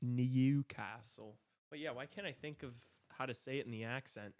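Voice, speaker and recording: A man's voice: mid-range voice, quick pace, a bit bright, no room sound, studio quality. A man hosting a live hockey stream, chatting in a laid-back, rambling way and swearing casually. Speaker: podcast host.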